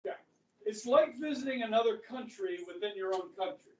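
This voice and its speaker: A man's voice: sits high, lively intonation, normal speed, a little mellow, highs cut off. A male history teacher lecturing a class in a casual way. He often checks in with the students by saying "okay". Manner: talks to students, says okay a lot. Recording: echoey classroom from a far mic.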